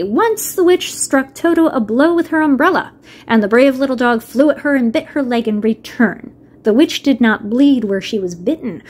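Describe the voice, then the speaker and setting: Higher-voiced woman summarizing a story. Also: a little mellow, breathy edge. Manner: wry asides mixed with read-aloud passages. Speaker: video reviewer. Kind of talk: casual book-summary narration.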